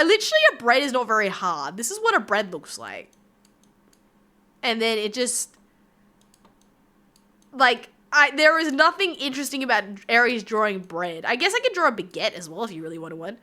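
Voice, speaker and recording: A woman's voice: a little high, pushed and bright. A young woman VTuber chatting playfully with her stream chat while she draws. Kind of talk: casual live-stream chat.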